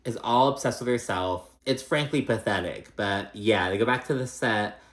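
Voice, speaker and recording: A man with a lowish voice gives a casual, gossipy reality TV recap at a moderate pace. He is chatty and profane, using plenty of fillers, and the recording has a roomy echo.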